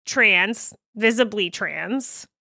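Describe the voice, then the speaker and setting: A woman guest on a podcast, telling a personal story in casual, animated chat, swearing freely. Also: mid-range voice, drawn-out words, vocal fry, dry recording, clean studio sound.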